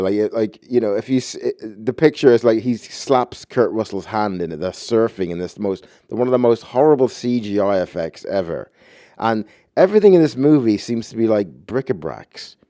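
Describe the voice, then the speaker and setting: A man's voice: fairly low pitch, warm tone, no echo, studio quality. A man ranting about a movie in a profane, agitated, rambling way.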